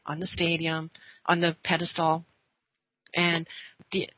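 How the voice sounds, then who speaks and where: Guest, female, bright and clear, earnest storyteller, dry close sound. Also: on the low side, level tone, unhurried, no room sound, poor audio. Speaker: radio guest. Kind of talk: storytelling on a talk show.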